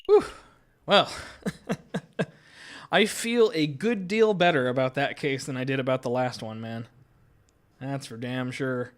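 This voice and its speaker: A man's voice: medium pitch, slow pace, pauses often. A man streaming a game live, reacting in a casual way, swearing freely and laughing. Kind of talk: live game playthrough commentary.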